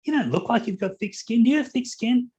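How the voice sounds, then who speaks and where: A man's voice: very high-pitched, animated, brisk, warm tone, dull audio, pitched above the performer's own voice. A plaintive little storybook monkey asks anxious questions, his voice lifted well above normal, as a man reads him aloud. He sounds hurt and unsure of himself. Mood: curious.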